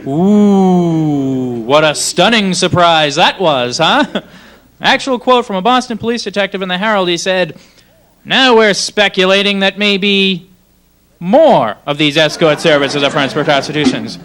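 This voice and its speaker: High-voiced wry male stand-up comic. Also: moderate pace, bright, forceful tone. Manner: wry, sarcastic, slips into mock voices. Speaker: stand-up comedian. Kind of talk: stand-up comedy set. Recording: 1980s cable TV club recording.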